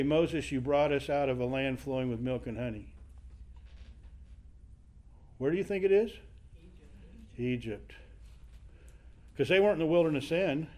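A man's voice: a little high, darkish tone. A man teaching a Bible passage in a conversational sermon, acting out the quoted speakers as he goes.

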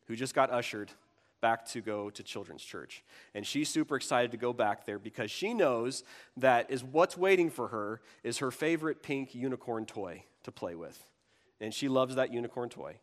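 A man preaching a sermon in a conversational way, breaking into quick impressions of children and adults. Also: medium pitch. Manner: conversational, acts out quoted voices of kids and adults.

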